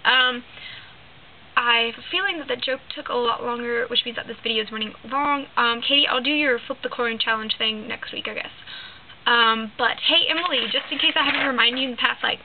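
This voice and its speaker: A woman's voice: fairly high pitch, brisk. A teenage girl vlogger telling a long joke to the camera in a rambling way, full of "like" and "um". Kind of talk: casual storytelling to camera. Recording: lo-fi phone-like sound with faint hiss.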